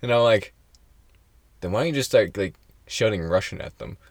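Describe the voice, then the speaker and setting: A young man with a fairly low voice that swings a lot in pitch, chatting loosely with a friend and cracking jokes between laughs. The sound is close and dry, with no room around it. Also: normal speed, no room sound. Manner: joking, laughs often, animated. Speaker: podcast co-host. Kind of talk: casual chat.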